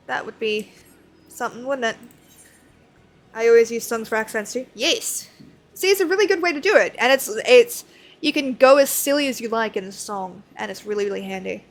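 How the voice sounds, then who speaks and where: A woman's voice: on the high side, normal speed, long pauses. A woman streaming a game and chatting casually, rambling and self-deprecating, with lots of fillers. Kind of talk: casual chat while playing.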